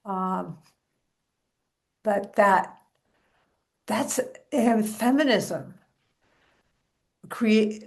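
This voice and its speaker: An older woman in a casual panel discussion over a video call. She talks in a wry, reflective way and laughs softly. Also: mid-range voice.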